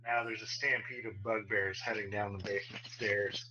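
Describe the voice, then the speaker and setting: A man's voice: fairly low pitch, little pitch movement, moderate pace, bright, forceful tone, dull audio. A man playing a tabletop game, talking in a laid-back way as he lays out plans. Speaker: player. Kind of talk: casual tabletop role-play.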